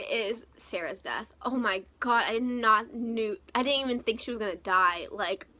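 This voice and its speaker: A woman's voice: on the high side, pushed and bright. A young woman casually reviewing a novel, talking emotionally with lots of fillers and exclamations. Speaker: book reviewer. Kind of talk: casual book review vlog.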